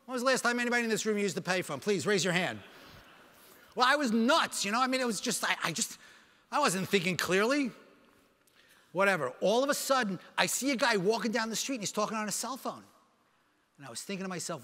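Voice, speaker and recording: A man giving a keynote speech, telling a dramatic personal story in an animated way and acting out the dialogue. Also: sits high. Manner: animated, acts out dialogue with quick voice changes. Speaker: keynote speaker. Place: large conference hall. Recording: reverberant conference hall sound.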